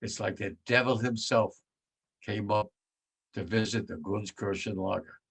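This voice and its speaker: A man in his nineties from the United States, a World War II veteran giving blunt, vivid personal testimony, his voice sinking low and quiet when moved. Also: steady tone, a little slow, husky. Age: 90s.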